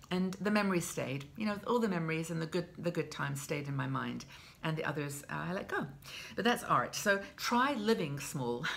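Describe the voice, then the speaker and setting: Low gravelly woman, 60s, chatty heartfelt vlog advice, keeps restarting her sentences. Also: a bit bright, slight background noise. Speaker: lifestyle vlog host. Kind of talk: casual advice talk to camera.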